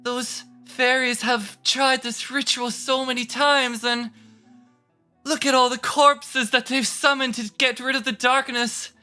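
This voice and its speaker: A small, timid nurse mushroom speaks in a high, awed little voice, put on by a man running the game. She is sheepish and gentle. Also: flat delivery, a little slow, soft background music, exaggerated voice.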